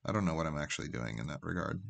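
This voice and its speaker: On a live stream, a man with a job narrates his own card game in a rambling way, thinking out loud full of fillers and trailing asides. His voice is extremely low and creaky, animated, and racing along.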